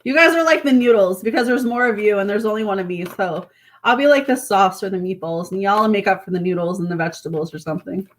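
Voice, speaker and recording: A woman's voice: mid-range voice, fast talker. A woman doing a live tarot reading, chatting casually with viewers and reading card messages aloud. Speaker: tarot reader.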